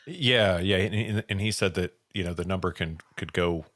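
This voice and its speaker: A man hosting a casual news podcast, his voice rough from recent illness, rambling with many restarts. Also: sits low, normal speed, a bit bright, dry recording, studio quality. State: voice deeper and rough after illness. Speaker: podcast host.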